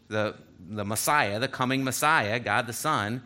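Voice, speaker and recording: Animated, bright-voiced male preacher. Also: medium pitch, fairly quick, creaky. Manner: animated teaching, reading scripture aloud with asides. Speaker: pastor. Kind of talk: sermon.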